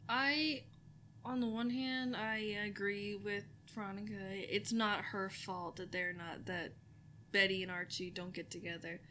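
Woman co-host, bright sharp tone, relaxed and hesitant, podcast chat. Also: mid-range voice, a little slow, a little hiss or hum. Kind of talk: casual rewatch chat.

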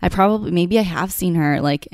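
Emotional woman with a gravelly voice. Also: on the low side, brisk, no room sound, studio quality. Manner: emotional, heartfelt, filler-heavy with frequent "like". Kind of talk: candid personal storytelling.

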